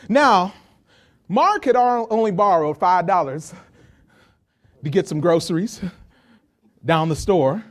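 High-voiced pastor preaching. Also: male voice, animated. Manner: halting and repetitive, chuckling, playful with the congregation. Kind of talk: sermon.

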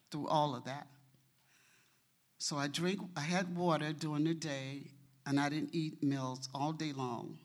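A middle-aged woman stands before her congregation in church and gives an earnest, heartfelt testimony. She admits her nerves as she talks and keeps returning to praise God. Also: sits low. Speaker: church member reading scripture. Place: church sanctuary.

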